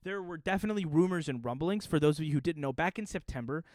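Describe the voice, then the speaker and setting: A young man talking casually to his viewers in a chatty, joking manner, with quick asides. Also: a little high, expressive, darkish tone, no echo. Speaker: youtuber. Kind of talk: casual vlog explainer.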